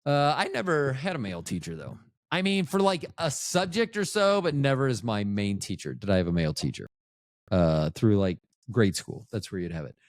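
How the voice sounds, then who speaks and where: A man's voice: on the low side, sing-song, moderate pace, dry recording, clean studio sound. A man in his fifties, hosting a podcast, telling rambling, profane, self-mocking stories about his youth in a casual monologue. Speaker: podcast host.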